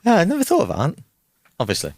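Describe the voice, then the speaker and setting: A man co-hosting a podcast, telling jokes in a casual, animated storytelling way. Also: on the high side, fast talker, dry recording, clean studio sound. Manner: animated storytelling, laughs often. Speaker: podcast co-host. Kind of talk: casual joke-telling chat.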